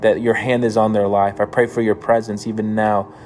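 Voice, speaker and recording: A man's voice: fairly low pitch, level tone, fairly quick, darkish tone, slight background noise. A man reading psalms aloud and then praying fervently for listeners, like a pastor. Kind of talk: scripture reading and prayer. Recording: music playing behind the voice.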